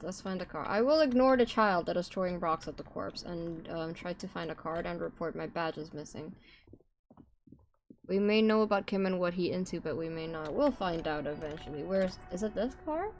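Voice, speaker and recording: A woman's voice: lowish voice, slight background noise. A woman chatting casually while playing a game on stream, repeating herself and laughing.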